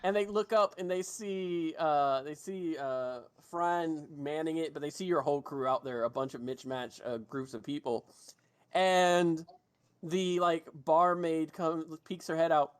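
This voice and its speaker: A man's voice: fairly high pitch, measured pace, smooth. A man narrating a tabletop game as game master, casual, with frequent restarts and swearing.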